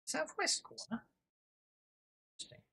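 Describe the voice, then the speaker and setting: A game master running an online tabletop game, chatting with fillers and muttering while fixing the software. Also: normal speed.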